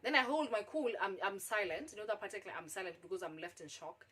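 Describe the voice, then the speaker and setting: A young Kenyan woman telling a personal story on her vlog, animated and exclamatory, slipping Swahili into her English. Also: mid-range voice, fast talker, slight background noise. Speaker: vlogger.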